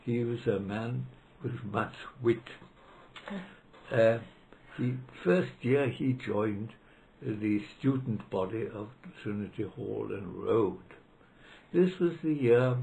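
A man's voice: medium pitch, slow, gravelly, dark tone, poor audio. An older man whose first language is not English, recalling colleagues in an oral history interview with frequent hesitations. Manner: hesitant, anecdotal, acts out quotes in raised voice. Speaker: interviewee, retired law professor.

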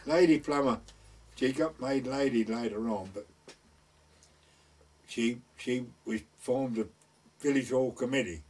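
A man's voice: mid-range voice, a little slow, pauses often, darkish tone, husky. An older man, telling folksy village stories in an oral history, rambling and acting out the people he quotes. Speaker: village elder recalling the past. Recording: voice from far off the mic.

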